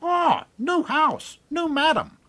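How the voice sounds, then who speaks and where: A man voicing a foul-mouthed male parrot with a shrill squawk in a spoken joke. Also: animated, slow, pushed and bright, heavily acted. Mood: cheeky.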